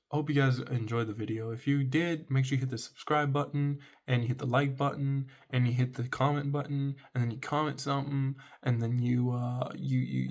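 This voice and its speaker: Blunt rambling man, mid-pitched voice. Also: a little mellow. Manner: rambling and blunt, keeps asking "right?"; swears casually. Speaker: vlogger. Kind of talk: casual dating-advice monologue.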